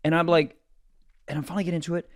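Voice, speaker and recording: High-voiced man telling a wild story. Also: very fast, no echo, studio quality. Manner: animated, acts out dialogue in quotes. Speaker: podcast co-host and comedian. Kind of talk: casual comedic storytelling.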